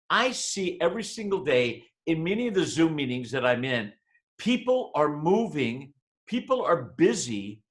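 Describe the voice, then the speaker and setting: A man giving a motivational webinar talk, telling a personal story with dramatic swings between loud and hushed delivery. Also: fairly high pitch. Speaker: motivational speaker. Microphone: webinar microphone.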